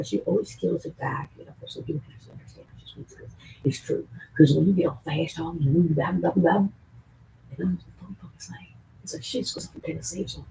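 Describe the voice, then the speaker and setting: A woman streamer rambling in a casual unscripted rant, swearing often and jumping between whispers and loud bursts. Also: low voice, gravelly, slight background noise, low-quality recording.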